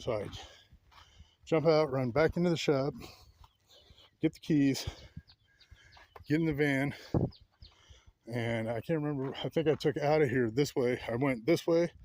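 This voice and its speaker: A man's voice: mid-range voice, unhurried, long pauses, darkish tone, dry recording. A man casually walking through a property outdoors, recounting events in a rambling, restarting way while pointing out spots. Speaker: vlogger recounting an incident. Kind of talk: casual walkthrough narration.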